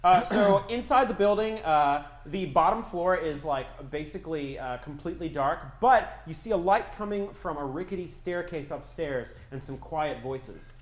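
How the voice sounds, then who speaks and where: A man's voice: fairly high pitch, lively intonation, moderate pace, hardly any pauses, echoey room. A man running a tabletop game as game master, playful and chatty, laughing often.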